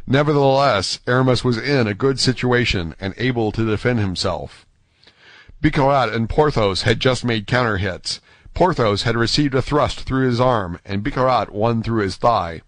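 In this scripted audiobook narration, a man keeps a steady, deliberate delivery at an average mid-level pitch. The sound is close-miked and completely dry, free of any room ambience.

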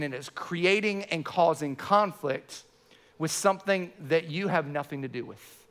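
A man preaching a sermon to his church, animated, often restarting his words. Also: fairly high pitch. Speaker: pastor.

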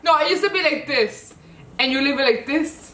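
A young woman co-hosting a casual group chat, telling animated stories and slipping into Spanish for quotes. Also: sits high, normal speed, slight background noise. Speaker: co-host. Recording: echoey room, mic at a distance.

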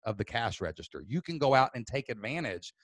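A loud, animated man with a drawl, spinning a story with big bursts of energy. His voice sits at an ordinary middle pitch and sounds close and dry, with no room around it. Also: dry recording. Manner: loud, excitable, fast-moving. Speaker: podcast host.

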